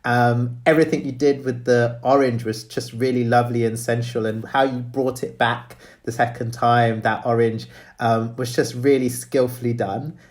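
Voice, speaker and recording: A man hosting a writing showcase, giving gentle, hesitant feedback with many pauses and restarts. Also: medium pitch, flat delivery. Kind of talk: live event hosting and spoken feedback.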